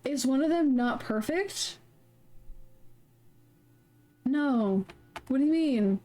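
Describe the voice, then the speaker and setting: Flustered swearing woman streamer, high voice. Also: expressive, slow pace, mellow. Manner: swears, flustered, sings along to music between remarks. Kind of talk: casual livestream chat, singing along. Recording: music playing in background.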